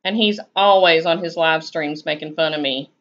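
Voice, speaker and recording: A woman's voice: sits low, moderate pace. A woman with a Southern US accent, chatting casually on her live stream and answering viewers' comments in a laid-back, drawling way. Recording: dull lo-fi stream audio.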